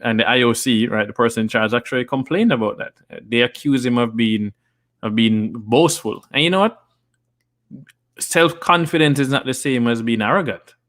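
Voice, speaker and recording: Male host, live stream chat, earnest and persuasive, repeats himself as he builds a point. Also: mid-range voice. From Jamaica. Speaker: host and investor. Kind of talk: live stream talk reading viewer comments.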